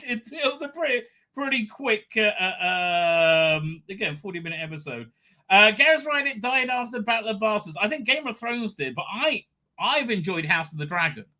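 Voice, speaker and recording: Man, live-stream host, casual recap, rambling, stammering, slightly high voice, very bright tone. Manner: rambling, stammering restarts, keeps asking "right?".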